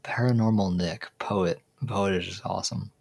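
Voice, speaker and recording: A man's voice: low-pitched, steady tone, normal speed, vocal fry, darkish tone, slightly rough. A man hosting a casual livestream chat in a laid-back, rambling way. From Virginia, USA. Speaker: livestream host.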